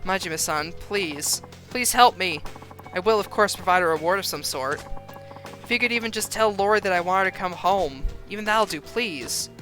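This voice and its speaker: A man's voice: high-pitched, a little fast, pushed and bright, faint music behind. A man voicing a worried middle-aged mother who pleads anxiously and earnestly to get her daughter back, reading game dialogue aloud. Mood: desperate.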